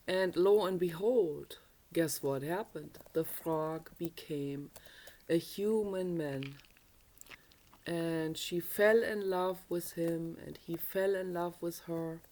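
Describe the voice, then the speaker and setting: A woman's voice: fairly low pitch, a little mellow. A woman from Germany, telling a childhood story in a rambling, chatty way that corrects itself as she goes. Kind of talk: casual storytelling.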